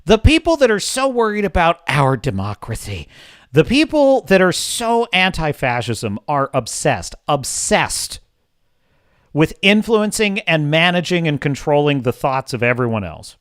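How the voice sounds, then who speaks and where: A man's voice: fairly high pitch, sing-song, unhurried, a bit bright, no room sound, clean studio sound. A man hosting a podcast, ranting in casual commentary with an opinionated, exasperated tone. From United States. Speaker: podcast host.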